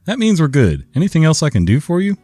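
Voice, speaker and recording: A man's voice: a little high, huge pitch swings, fast, dark tone, no room sound, pitched above the performer's own voice. A man voicing a patient, weary male help-desk worker with polite, scripted phrasing.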